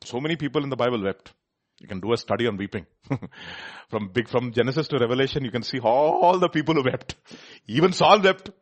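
A man's voice: mid-range voice, a little fast. A man preaching a sermon, reading scripture aloud, asking his listeners questions and laughing often.

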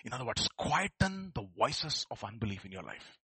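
Male preacher, bright, husky voice, very lively pitch, dry sound; builds to fervent shouting. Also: normal speed, no room sound. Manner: animated, rising to fervent shouts. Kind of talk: sermon.

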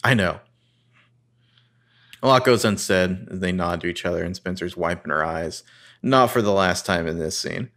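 A man co-hosting a casual podcast, retelling a TV scene and acting out lines with lively rises. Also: low voice, moderate pace, long pauses. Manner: narrates scenes and reads dialogue with animated rises. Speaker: podcast co-host recapping a TV episode. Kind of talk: casual chat.

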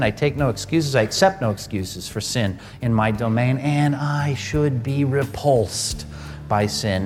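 A male pastor preaching an emphatic sermon, swinging between loud stress and hushed, quiet lines. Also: mid-range voice, expressive, moderate pace, faint music behind. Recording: broadcast sermon with long hall reverb.

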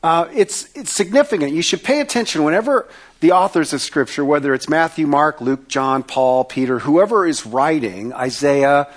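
Conversational man preaching, slightly high voice. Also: animated, normal speed. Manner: conversational, joking asides, repeats words. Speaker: pastor. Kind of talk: sermon.

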